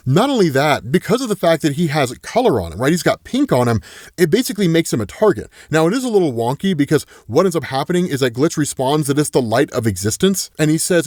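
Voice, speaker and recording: A man narrating a casual comic book recap in an animated, conversational way, often tagging his points with a question. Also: a little high, a little fast, dry recording, studio quality. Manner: animated, conversational, uses 'right?' tags. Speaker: comics YouTuber.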